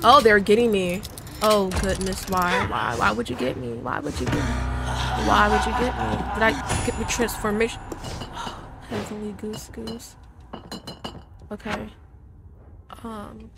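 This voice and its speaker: A woman's voice: medium pitch, noisy background. A woman giving chatty gameplay commentary, talking straight to her viewers with bursts of mock outrage. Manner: dramatic outbursts of mock outrage. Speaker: gaming YouTuber. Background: game music.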